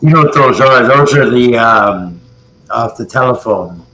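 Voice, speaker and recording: A man's voice: medium pitch, animated, measured pace, sharp tone, slight background noise, low-quality recording. A Canadian man hosting a casual livestream chat, easygoing and joking. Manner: easygoing, joking, does impressions. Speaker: show host.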